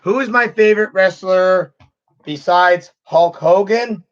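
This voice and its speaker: Slow-talking man in his thirties, high voice. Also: lo-fi sound. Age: 30s. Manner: rambling, with frequent restarts. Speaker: channel host. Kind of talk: casual live Q&A chat.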